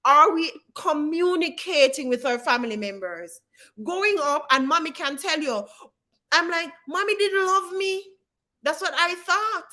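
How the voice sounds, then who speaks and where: A woman hosting a live stream gives advice, speaking directly and encouragingly to her viewers and calling on them by name. Her voice is high, bright and forceful, animated yet at a measured pace.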